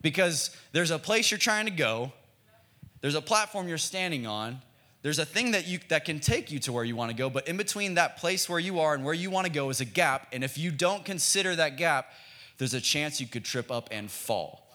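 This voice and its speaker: A man's voice: fairly high pitch, lively intonation, normal speed, pushed and bright. A young American man preaching a sermon in a casual, joking way, asking the congregation to repeat phrases back. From United States. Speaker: pastor.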